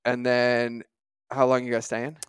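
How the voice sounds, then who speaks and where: A man's voice: medium pitch, monotone, measured pace, clear, resonant tone, no room sound. A man hosting a podcast, chatting casually and energetically with a guest and acting out stories with quoted dialogue. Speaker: podcast host. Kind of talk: casual interview chat.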